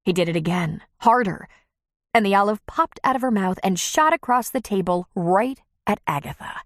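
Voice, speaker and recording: A woman narrating an audiobook in an expressive, measured reading. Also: medium pitch, no echo, clean studio sound. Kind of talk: scripted narration.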